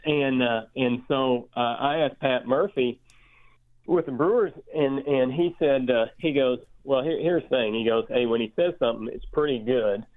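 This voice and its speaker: An older man with a drawl calls in as a guest, chatting about family and baseball. He rambles, restarting sentences and filling gaps with "uh" and "you know." His voice comes through a thin, tinny phone line at a middling pitch. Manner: rambling, halting, many restarts and fillers. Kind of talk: casual phone interview.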